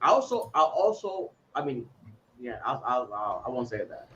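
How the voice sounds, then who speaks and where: A man's voice: mid-range voice, very animated, moderate pace, muffled recording, noisy background. A man co-hosting a podcast in casual chat, laid-back, laughing often and swearing freely. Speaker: podcast co-host.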